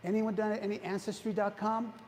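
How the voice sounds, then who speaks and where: A man's voice: sits high, little pitch movement, fast talker, darkish tone. A man giving a retreat talk, preaching to a congregation, quizzing his listeners and often restarting his sentences. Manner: engaging, quizzes the audience, frequent restarts. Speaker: retreat speaker. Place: church hall. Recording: long hall reverb, faint background noise.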